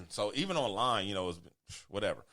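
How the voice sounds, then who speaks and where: Bright-voiced man telling a story. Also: a little fast, creaky. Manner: animated, acts out quotes with rising pitch. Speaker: podcast host. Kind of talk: casual storytelling chat.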